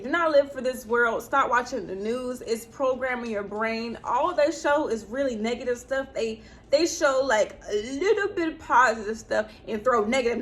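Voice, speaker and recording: A woman's voice: a little high, fairly bright tone, a little hiss or hum. A young woman vlogging casually, giving earnest, preachy spiritual advice to her viewers.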